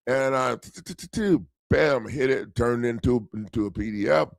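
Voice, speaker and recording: A middle-aged man, a legal self-help coach, telling a profane story in a lively, laughing way and acting out the people he quotes. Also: mid-range voice, moderate pace, gravelly, no echo. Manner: animated, profane, laughing, acts out quoted voices. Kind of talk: casual storytelling monologue.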